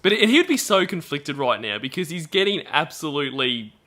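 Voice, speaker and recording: Bright-voiced man hosting casual chat. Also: a little high, very animated, fairly quick. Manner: laughs often, quotes callers in put-on voices. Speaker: podcast host.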